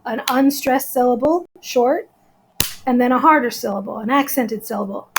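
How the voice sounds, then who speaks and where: A woman's voice: on the high side, normal speed, noisy background. A woman teacher giving a recorded lesson, explaining step by step and counting out syllables.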